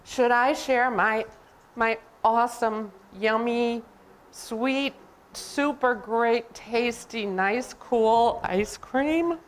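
A woman voicing an excitable, fretful male elephant from a picture book, dithering as he talks himself in and out of sharing. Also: a little high, drawn-out words, slight background noise, rough recording. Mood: torn. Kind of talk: picture-book read-aloud.

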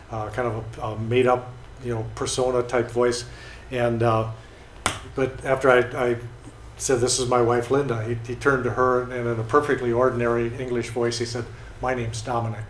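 A man casually telling stories about people he has met, with many fillers and restarts. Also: mid-range voice. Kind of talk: casual storytelling. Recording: echoey room with faint noise.

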